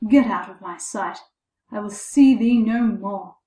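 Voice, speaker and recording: A woman's voice: mid-range voice, a little slow, warm tone, natural voice. A woman voicing a weary, exasperated old father who scolds in old-fashioned speech. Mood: scolding. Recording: echoey room.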